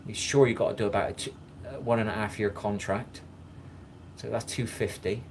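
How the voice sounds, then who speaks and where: A man's voice: on the low side, steady tone, moderate pace, noisy background. A man hosting a live stream in casual chat, rambling, swearing and greeting viewers by name.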